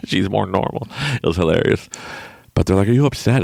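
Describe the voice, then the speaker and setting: A man's voice: on the low side, moderate pace, vocal fry, long pauses, dry recording, clean studio sound. A young man hosting a podcast, telling a personal story in a casual way and laughing often at himself. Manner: laughs often, animated and self-mocking. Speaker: podcast host.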